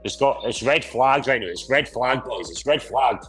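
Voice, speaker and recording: A man's voice: medium pitch, expressive, normal speed, fairly bright tone, soft background music, low-quality recording. A man hosting a casual drinking chat, boisterous and rambling with heavy swearing. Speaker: podcast host.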